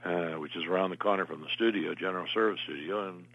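Deep husky older man telling stories. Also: quick pace, no room sound, lo-fi sound. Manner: meandering anecdotal storyteller. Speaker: interview guest, actor. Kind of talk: casual interview storytelling.

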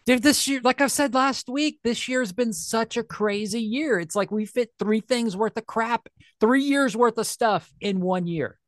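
A man's voice: very high-pitched, unhurried, dry recording, studio quality. A man co-hosting a casual chat, joking, laughing often and doing silly quoted voices. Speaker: podcast co-host.

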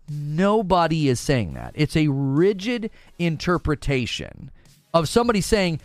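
A man's voice: a little high, sing-song, a little slow, dry recording. A man with a slightly raised voice delivers a heated, opinionated rant. He talks casually, doubles back on his words and presses his points hard. Faint music plays underneath. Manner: emphatic, heated, repeats words, mocking quoted voices. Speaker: gaming commentator.

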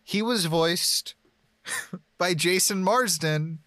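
A man co-hosting a podcast in casual chat, joking and laughing through quick asides. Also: high voice, pushed and bright, no echo, studio quality. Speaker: podcast co-host.

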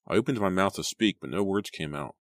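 A man narrating a teen thriller audiobook with steady, dramatic pacing. His voice sits very low, and the recording is dry and close with no room sound. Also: a little fast, no room sound. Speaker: audiobook reader.

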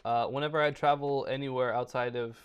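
A man's voice: mid-range voice, brisk, clear, resonant tone, dull audio. A man co-hosting a podcast who jokes and banters through casual chat. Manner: joking, animated banter. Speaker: podcast co-host.

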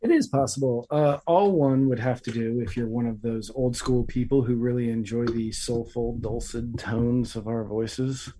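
A man's voice: medium pitch, steady tone, normal speed, hardly any pauses, dark tone. A man co-hosting a podcast, chatting in a wry, hedging way. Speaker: podcast co-host. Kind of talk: casual show outro chat.

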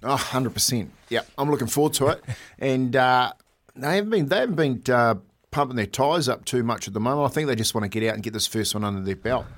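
A man's voice: medium pitch, fast talker. A man co-hosting a casual sports radio show, rambling and stop-start, with frequent laughter. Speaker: radio co-host.

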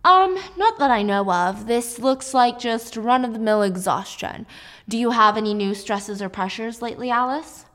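A woman's voice: a little high, normal speed, fairly bright tone, close to an everyday voice. A woman voicing a breezy, reassuring male doctor.

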